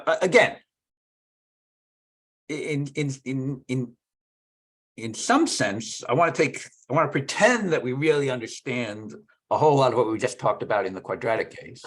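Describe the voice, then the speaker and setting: Husky-voiced man, animated delivery, working through math ideas out loud with halting restarts. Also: mid-range voice. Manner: thinking aloud, halting and restarting. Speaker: mathematician discussing research. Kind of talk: casual technical conversation.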